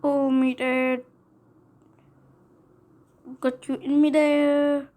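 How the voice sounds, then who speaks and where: High-voiced playful woman gamer. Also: little pitch movement, very slow, mellow. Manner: playful, bossy trash talk and sung racing noises. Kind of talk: game commentary.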